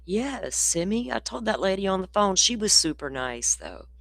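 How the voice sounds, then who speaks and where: Woman on a livestream venting about stuff, chatty and fed up, dry close mic, middle pitch. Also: very animated, normal speed, gravelly, fairly bright tone, dry recording. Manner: chatty, exasperated, laughs often. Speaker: livestream host commenting on a trial. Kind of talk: casual ranting chat.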